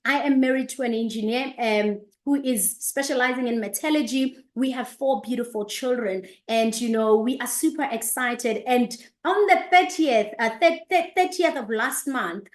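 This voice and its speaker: A woman in her thirties hosting an online business session, greeting viewers by name and place with lively enthusiasm. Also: a little high, normal speed, hardly any pauses. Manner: energetic, repeats greetings, reads out viewers' locations. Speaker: host of an online business presentation. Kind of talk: upbeat live-stream greeting and presentation. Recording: echoey room.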